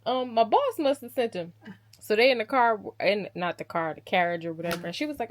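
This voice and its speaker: A woman book vlogger casually retelling a novel's plot, animated and chatty, laughing often. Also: medium pitch, fairly quick.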